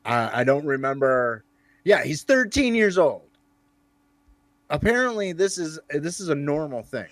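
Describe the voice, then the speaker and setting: Lively laid-back male co-host. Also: on the high side, unhurried, no echo. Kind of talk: casual chat.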